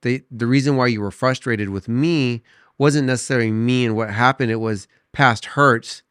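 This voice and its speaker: Smooth-voiced man hosting a podcast. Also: mid-range voice, steady tone, fairly bright tone, dry recording, clean studio sound. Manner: supportive, prompting questions, quick affirmations. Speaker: podcast host. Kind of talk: casual chat.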